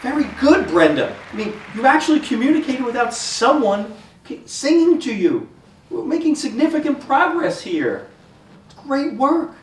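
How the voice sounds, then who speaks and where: Guy playing a soothing therapist, a bit high, echoey stage from far off. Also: expressive, moderate pace, slight background noise, lightly acted. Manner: soothing then overly enthusiastic. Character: patient, coaxing group therapist. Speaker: therapist leading the group. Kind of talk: community theater comedy.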